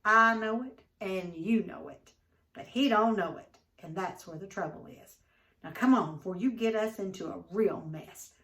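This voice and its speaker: A woman voicing a gruff, protective older brother. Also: big pitch swings, fairly quick, bright, forceful tone, far from the mic. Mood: urgent. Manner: gruff, low, urgent.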